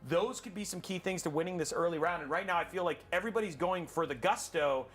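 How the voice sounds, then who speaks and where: A man hosting a live stream, commentating on a game in an excitable, rambling way with frequent restarts. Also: high-pitched, fast, soft background music.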